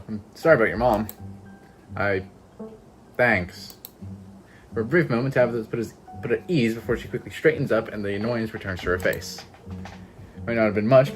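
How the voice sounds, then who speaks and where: A man reading a narrative game aloud with casual, swearing commentary and laughing asides. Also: mid-range voice. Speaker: gameplay streamer.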